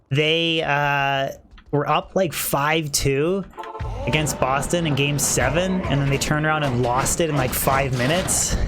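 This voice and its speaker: A young man streams a video game from home, rambling on in a relaxed, conversational way while answering his chat. He holds his voice low, careful not to wake his sleeping wife, at an ordinary middle pitch. A faint hiss and the click of a mouse sit behind him. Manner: keeps voice down, wife asleep. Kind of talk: casual livestream chat while playing.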